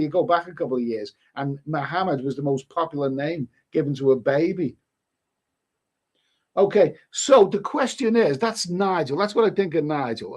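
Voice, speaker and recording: A middle-aged man chats casually on a live stream, reacting to viewer comments. His voice sits a little high for a man, and he rambles, repeats words and frequently restarts his sentences.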